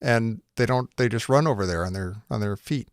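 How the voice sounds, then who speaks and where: A man's voice: on the low side, fairly quick, no room sound, clean studio sound. A man in casual podcast chat about a film, thinking aloud with enthusiasm. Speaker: podcast co-host.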